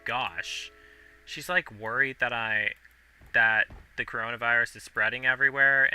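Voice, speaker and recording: A man's voice: medium pitch, bright, forceful tone. A young man in his twenties rambling casually with many fillers and restarts while playing a city-building game, hiccuping now and then. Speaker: gaming video host. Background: game music.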